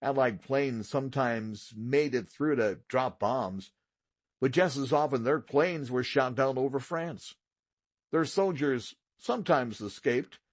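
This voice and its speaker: A man with a husky, slightly breathy voice reads a children's audiobook aloud in a steady, expressive way. His voice is recorded close and dry, with no room sound behind it. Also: medium pitch, takes it slowly, dry recording. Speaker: audiobook narrator. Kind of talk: scripted narration.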